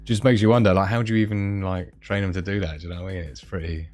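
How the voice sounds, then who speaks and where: A man's voice: low voice, fairly even intonation, fast, a little mellow, soft background music. A man hosting a live stream, chatting casually and rambling, often losing his thread mid-sentence. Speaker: livestream host.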